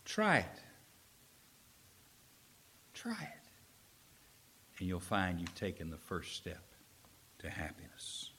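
A man preaching a sermon as pastor, telling a story with animated swings from loud emphasis to a near whisper. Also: low voice, slow, pauses often.

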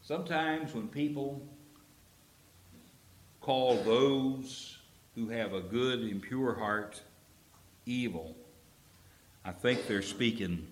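A male pastor preaching a sermon, telling a Bible story with lively acted-out quotes. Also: lowish voice. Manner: animated storytelling, acts out quoted characters. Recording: roomy echo.

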